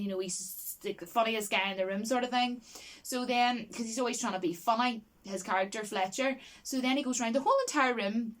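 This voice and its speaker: Chatty, rambling woman reviewing a film. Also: medium pitch. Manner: chatty and rambling, with frequent restarts and fillers; enthusiastic and expressive, laughs easily. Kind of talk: casual film review chat.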